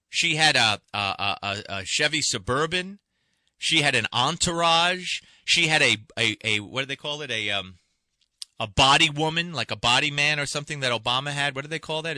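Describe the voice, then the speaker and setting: A man's voice: medium pitch, normal speed, bright, forceful tone, no room sound. A man hosting a talk radio show, delivering an impassioned, indignant monologue full of rhetorical questions from a radio studio. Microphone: studio microphone.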